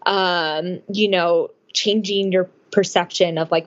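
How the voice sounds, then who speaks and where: A woman's voice: lowish voice, takes it slowly, no echo, highs cut off. A woman who advocates for domestic violence survivors, a podcast guest speaking casually with lots of "like" and "um". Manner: relaxed, uses lots of fillers like "like" and "um". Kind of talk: casual interview chat.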